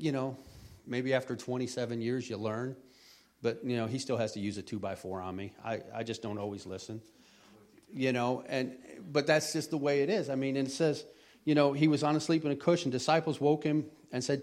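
Middle-aged man, plain mid pitch, lay preacher with a folksy, halting sermon delivery. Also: steady tone, a little mellow. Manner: rambling, repeats words, folksy. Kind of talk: conversational sermon.

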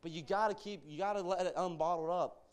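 A man's voice: high voice, fairly quick. A young man giving an informal, earnest church sermon as a guest speaker, urging his listeners on with conversational asides.

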